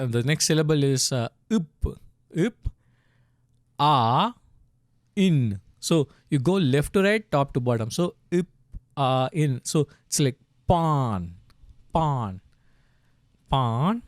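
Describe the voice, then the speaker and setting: A man walks through a screen tutorial in a relaxed, unscripted way. He talks slowly, restarts his sentences, leans on ums and uhs, and chuckles from time to time. The sound is close and dry with no room around it. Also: a little high, no room sound. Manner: halting, many fillers and restarts, chuckles often. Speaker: language tutor.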